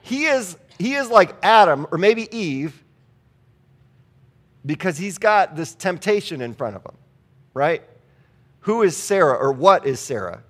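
A man preaching a sermon in a loose, conversational way. His voice sits a little high, and he reads scripture between casual asides and rhetorical questions. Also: sing-song, measured pace, long pauses. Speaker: pastor.

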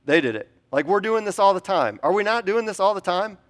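A man's voice: sits high, lively intonation, fairly quick. Male pastor preaching, chatty, lots of ums and questions to the congregation. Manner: conversational, with frequent ums and rhetorical questions to the congregation. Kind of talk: sermon.

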